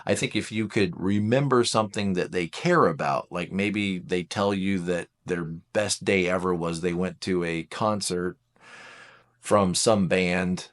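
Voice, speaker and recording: Animated man explaining relationships. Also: unhurried. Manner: animated, acts out quoted speech with big pitch jumps; self-deprecating asides. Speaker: teacher. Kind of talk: casual explanatory talk.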